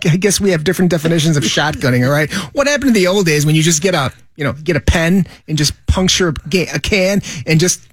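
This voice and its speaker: A man's voice: a little high, animated, quick pace, hardly any pauses, breathy edge, dry recording. A man with a Chicago accent co-hosting a casual news talk show, joking and chuckling through loose asides. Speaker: podcast co-host.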